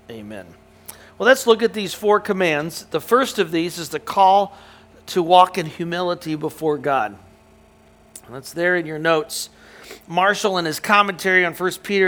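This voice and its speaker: A man's voice: high voice, fairly bright tone. A man preaching an expository sermon to his congregation, earnest and emphatic, often repeating words as he restarts. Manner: answers questions from the room. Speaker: preacher teaching a Bible study.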